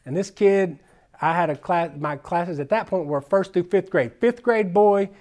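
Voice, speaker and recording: A man who is a children's minister, telling stories at a conference in an animated, folksy way with casual slang. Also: high-pitched, moderate pace. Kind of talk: storytelling conference talk.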